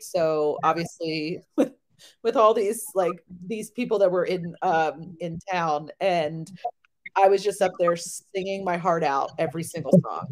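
A woman in her thirties, a podcast guest, telling travel stories in a chatty, animated way with lots of fillers. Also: on the low side, poor audio. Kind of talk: casual chat.

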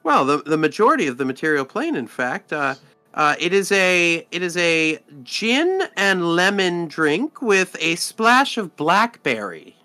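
Man voicing a courteous, rambling female innkeeper; slow and bright. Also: high-pitched, very animated, faint music behind, heavily acted. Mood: polite. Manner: polite, rambling.

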